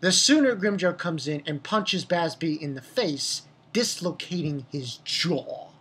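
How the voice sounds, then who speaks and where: A woman giving a profane, ranting, animated manga review in a casual video. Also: low voice, a little slow, slightly rough.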